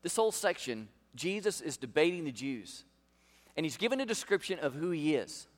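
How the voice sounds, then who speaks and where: Male pastor, slightly high voice, preaching emphatically in a reverberant church sanctuary. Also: very animated, normal speed. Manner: emphatic, rhetorical questions to the congregation. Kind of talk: sermon. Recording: long hall reverb.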